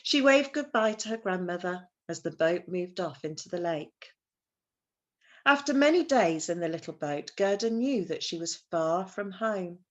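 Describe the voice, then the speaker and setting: A woman reading a children's story aloud in an expressive, animated way. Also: fairly low pitch, normal speed, highs cut off.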